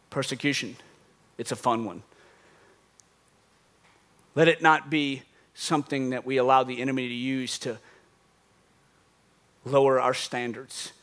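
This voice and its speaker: A man's voice: mid-range voice, a bit bright. A man preaching a sermon, building his point with repeated phrases and acting out little phone calls. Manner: dramatic, acts out phone calls, repeats for emphasis. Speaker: pastor.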